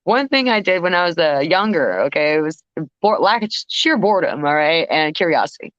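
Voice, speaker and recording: A woman's voice: on the low side, animated, fairly quick, no room sound. A woman, a guest vocalist, chatting on a podcast and telling stories in a rambling, self-interrupting way. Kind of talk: casual podcast conversation. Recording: slightly muffled dry recording.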